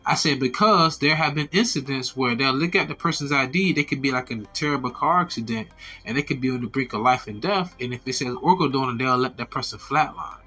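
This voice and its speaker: Husky-voiced man telling a story. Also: mid-range voice, a little fast, faint music behind. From Alabama. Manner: animated, acts out quoted voices, repeats "I said". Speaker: storyteller giving a testimony. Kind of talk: casual spoken testimony.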